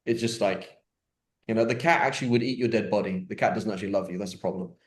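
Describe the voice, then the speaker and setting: A man's voice: fairly low pitch, fast talker. Man teaching casually in a roomy echo. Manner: chatty, joking, many fillers and restarts. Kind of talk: casual online Q&A class.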